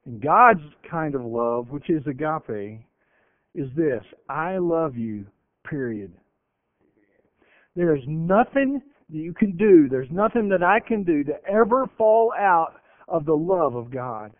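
A man's voice: on the high side, lively intonation, dry recording. Man preaching over tinny radio. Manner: emphatic, swings from loud to hushed, slows on scripture. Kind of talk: radio sermon.

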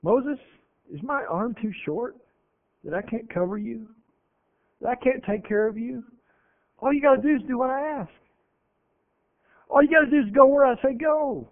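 A calm, reassuring God speaks softly and plainly in a high voice, as a preacher voices Him. The audio is thin and narrow, like a radio broadcast carried over a phone line. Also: male voice, fairly quick, pauses often.

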